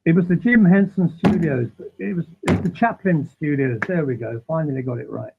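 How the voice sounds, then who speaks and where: A man guesting on an interview, telling animated, rambling anecdotes that keep interrupting themselves. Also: a little high, a little fast, gravelly, noisy background. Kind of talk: casual storytelling. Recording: tinny phone-like line.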